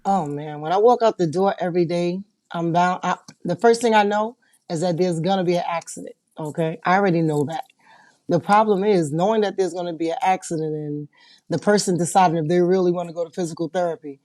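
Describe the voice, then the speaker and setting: Woman paralegal, animated storyteller, warm mellow tone. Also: lowish voice, fairly quick, no room sound. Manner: animated storyteller, laughs often. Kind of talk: casual interview storytelling.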